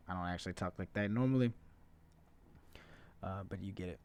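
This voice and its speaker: A man's voice: low-pitched, a little fast, a little mellow, clear, resonant tone. A man hosting a political podcast in a casual, profane, conversational monologue, full of filler uhs. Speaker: podcast host.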